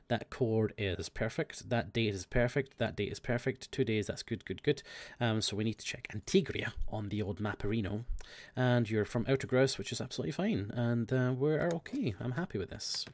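A man's voice: mid-range voice, normal speed, dry recording. A man hosting a let's play, chatting and muttering as he checks documents, swearing now and then. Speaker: gaming video host.

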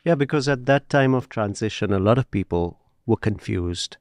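A man interviewing a guest, asking gentle, somewhat hesitant questions and murmuring agreement. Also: fairly low pitch, expressive, moderate pace, no room sound, studio quality.

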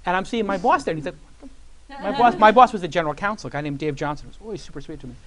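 A man in his forties on a conference stage, telling an animated story and acting out other people's voices. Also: high-pitched, rapid-fire, a crowd in the background. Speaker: guest entrepreneur. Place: conference stage before an audience.

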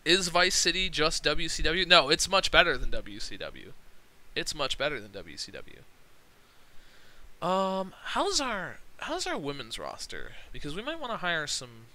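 A young man casually commentating his own game on a livestream, excitable and profane, laughing often. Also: fairly high pitch, measured pace, low-quality recording. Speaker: streamer.

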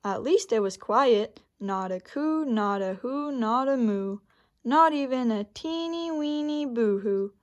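A woman librarian reading a picture book aloud for children and then walking through a simple craft, in a gentle, unhurried story-time delivery. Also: a little high, expressive, highs cut off.

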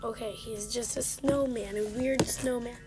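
A woman's voice: a little high, steady tone, moderate pace. A woman casually commenting on a game she plays, chatting along and scolding the characters on screen. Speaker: gaming channel host. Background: game music.

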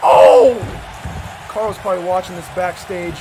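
High, lively man yelling commentary. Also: brisk. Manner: shouts and yelps often, swears casually. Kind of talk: excited game commentary. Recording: noisy stream audio.

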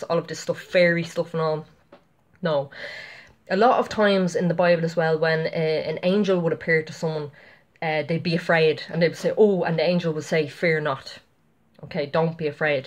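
Rambling woman sharing testimony. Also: on the low side. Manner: chatty, rambling, many fillers and asides to viewers. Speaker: Christian vlogger. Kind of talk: casual testimony monologue.

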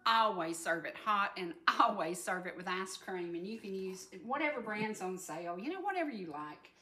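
A woman's voice: mid-range voice, lively intonation, normal speed, sharp tone, echoey room, a little hiss or hum. A woman in her sixties with a Southern US accent, hosting a cooking segment in a homey, folksy way. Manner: folksy, homey, says y'all. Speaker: talk show host. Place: indoor kitchen.

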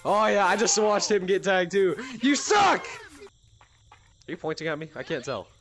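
A very high, bright male voice that swings wildly up and down as he hollers taunts at other players. He plays a VR game from a small room at home and talks into a headset mic. Background hiss sits under him. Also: animated, fast talker, soft background music. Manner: rowdy, trash-talking, yelling at other players. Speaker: gamer. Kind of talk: VR gameplay commentary.

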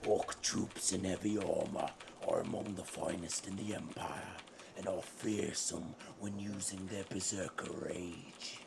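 A man's voice: deep voice, fairly even intonation, measured pace, vocal fry. A man on a podcast reading video game lore aloud in a playful way, often breaking into laughter. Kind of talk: joking reading of game text in put-on voices. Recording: noisy stream audio.

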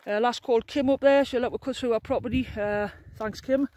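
A woman, talking to camera in a chatty, jokey and excitable way while out on open hills. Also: on the high side, fairly quick, low-quality recording. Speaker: vlogger, wild camper. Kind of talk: casual outdoor vlog narration.

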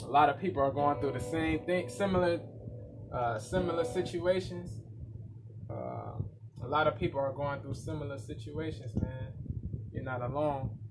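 A man hosting a casual reaction video, talking in excited slang and repeating himself as he breaks down what he hears. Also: fairly high pitch, normal speed, low-quality recording. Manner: hyped slang-heavy talk, repeats himself. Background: music playing.

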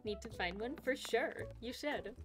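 A woman's voice: a little high, a little slow. A young woman streaming a game, chatting casually and giggling often as she reads chat aloud. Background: game music.

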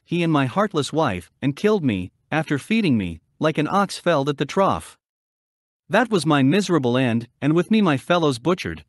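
A man's voice: fairly high pitch, no echo, studio quality. A man voicing a bitter murdered king's ghost.

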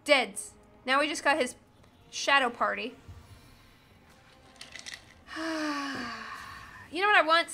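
A woman's voice: high voice, expressive, slow pace, pauses often, pushed and bright, a little hiss or hum. A woman in her thirties streaming a video game, chatting casually and breaking into silly singing and humming as she plays. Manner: goofy, sings and hums while playing. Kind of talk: casual gaming chat.

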